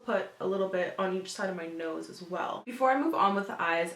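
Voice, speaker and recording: A woman's voice: on the low side, fairly quick, a bit bright, roomy sound. A woman in her twenties, a beauty vlogger, chatting casually through a makeup tutorial with lots of fillers. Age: 20s. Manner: chatty, filler-heavy, upbeat.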